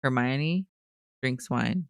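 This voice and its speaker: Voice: mid-range voice, takes it slowly, vocal fry, no room sound. A podcast co-host in casual chat, giving dry, blunt one-word summaries of characters.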